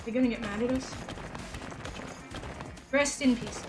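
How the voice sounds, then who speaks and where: Over game music in the background, a woman streams and offers casual gameplay commentary in a slightly slow, high-leaning voice. She rambles from story to story, sarcastic and a bit tired, chatting with her viewers.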